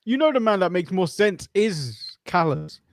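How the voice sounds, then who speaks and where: This man has an English accent and is co-hosting a casual podcast chat. His voice sits a little high. He chuckles a lot and often stumbles and restarts his sentences. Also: lively intonation, moderate pace, vocal fry. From England. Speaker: podcast co-host. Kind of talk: casual watch-along chat.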